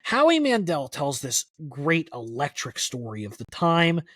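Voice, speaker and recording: Talkative man with a higher voice. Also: unhurried, dry recording, clean studio sound. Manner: rambling, many "like" fillers, animated retelling. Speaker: podcast guest, country music historian. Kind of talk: casual conversational storytelling.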